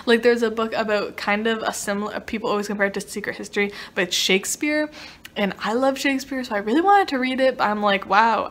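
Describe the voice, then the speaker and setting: A woman's voice: medium pitch, a bit bright. A young adult woman in college giving a casual, exasperated book review, emphatic and swearing, laughing between complaints.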